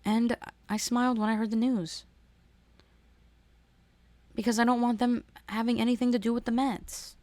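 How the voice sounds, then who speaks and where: A woman hosting a podcast, ranting in a casual, animated way and often restarting and repeating her words. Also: a little high, moderate pace, pauses often, no echo. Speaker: podcast host. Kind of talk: casual solo rant.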